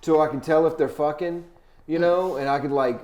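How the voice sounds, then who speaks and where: A man with a slightly high-pitched voice spins a comic story as a podcast guest. He is profane and animated. He drops into low, muttered asides, then climbs into loud, indignant peaks. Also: moderate pace, slight background noise. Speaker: touring comedian guest.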